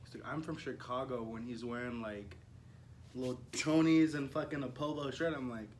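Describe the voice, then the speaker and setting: A young man co-hosting a casual comedy podcast, who drops to a low, muttered voice when retelling stories. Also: steady tone, normal speed, slight background noise. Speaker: podcast co-host.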